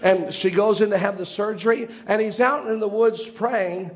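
A man with a high, light voice preaching a sermon. He retells a story through long quotations and then stops to explain each point in an earnest, teaching tone. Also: steady tone, normal speed. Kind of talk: sermon retelling stories and quotes.

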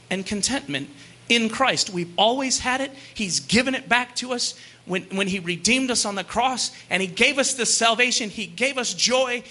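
A young man preaching a sermon, fervent and at times shouting, then easing into joking asides. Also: high-pitched.

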